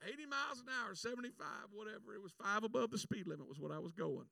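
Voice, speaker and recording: A man preaching a sermon, telling a personal story with animated delivery and shouted prayers, heard from a distance. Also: sits high, fast talker, vocal fry, dry recording.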